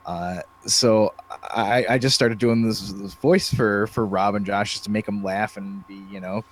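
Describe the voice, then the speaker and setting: A man's voice: lowish voice, steady tone, a little slow, slight background noise. A man co-hosting a podcast and chatting casually about running tabletop games, hesitant and full of restarts. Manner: hesitant, many fillers and restarts. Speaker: podcast co-host and game master. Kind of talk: casual chat.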